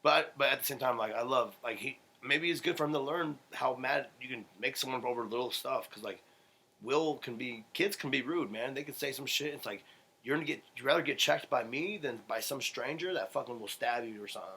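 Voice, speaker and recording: A man's voice: medium pitch, brisk, pushed and bright, breathy edge, low-quality recording. A young man, a podcast guest, telling rambling, heated stories in casual chat and swearing a lot.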